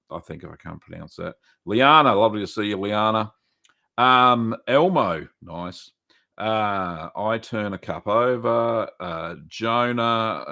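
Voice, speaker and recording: A man's voice: fairly low pitch, pushed and bright. Chatty Australian man hosting a livestream. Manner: chatty, greets viewers by name, many fillers. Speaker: livestream host. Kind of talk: casual livestream chat.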